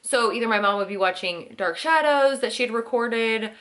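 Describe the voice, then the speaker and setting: Bright, chatty woman vlogger. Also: a little high, moderate pace. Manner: chatty, many "like"s, acts out quotes. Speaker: vlogger host. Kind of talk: casual Q&A chat.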